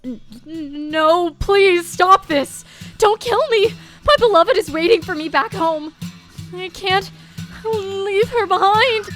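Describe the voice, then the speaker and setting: A woman voicing a terrified male merchant in a visual novel, stammering and pleading in a shrill voice. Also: normal speed, few pauses, a bit bright, faint music behind.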